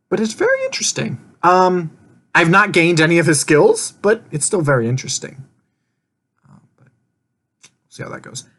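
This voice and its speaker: A man's voice: a little high, fairly bright tone. A man casually recapping an online game he played, rambling and laughing often, swearing offhandedly and acting out his own quoted lines.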